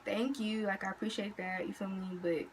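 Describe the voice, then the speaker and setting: A teenage girl telling a story in a casual, slangy, animated way to her vlog audience. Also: mid-range voice, moderate pace, a little hiss or hum, poor audio. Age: teens. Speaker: vlogger.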